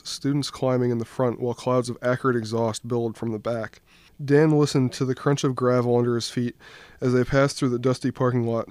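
A young man, a student, reading his own short story aloud in a steady, even storytelling voice. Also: mid-range voice, smooth, no echo. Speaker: student reader.

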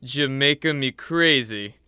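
A man's voice: mid-range voice, slow pace, sharp tone, clear, resonant tone, dry recording, clean studio sound. A man voicing a rude, pushy young male punk in a comedic audio sketch, talking in brash slang.

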